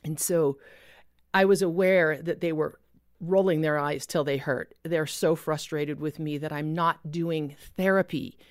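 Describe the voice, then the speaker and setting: A woman telling a personal faith story as a guest, earnest, with pauses and restarts. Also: low-pitched, steady tone, no echo, studio quality.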